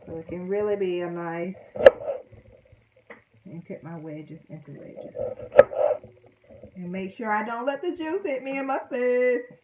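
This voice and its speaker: A woman's voice: medium pitch, measured pace, long pauses, roomy sound, lo-fi sound, heavy background noise. A woman making a casual home cooking vlog, chatting to her viewers in a self-deprecating way as she cooks in her kitchen.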